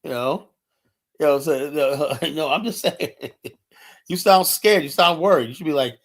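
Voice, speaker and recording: A man's voice: fairly high pitch, a little slow, long pauses. A man streaming a heated, casual rant, blunt and profane, with constant "you know" fillers. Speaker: live streamer.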